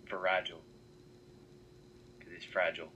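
Very deep-voiced man cracking dry jokes. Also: level tone, measured pace, bright, forceful tone, highs cut off. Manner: dry, low-key joking asides. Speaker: friend co-commentating. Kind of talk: casual chat. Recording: off-mic with background music.

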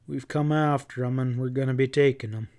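A man's voice: medium pitch, fairly even intonation, brisk, darkish tone, natural voice. Man reading as a grim threatening posse leader. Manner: blunt threatening folksy talk. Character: grim angry man leading a frontier posse.

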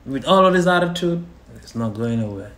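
A man's voice: mid-range voice, lively intonation, a little fast, fairly bright tone, echoey room. A man, a guest on the show, talking bluntly and swearing. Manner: blunt, profane. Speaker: guest testing his girlfriend.

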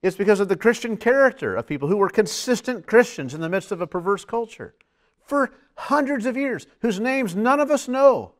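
Male preacher with a high voice, earnest and emphatic, mid-sermon. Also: moderate pace. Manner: earnest, emphatic, lively swings in pitch and loudness.

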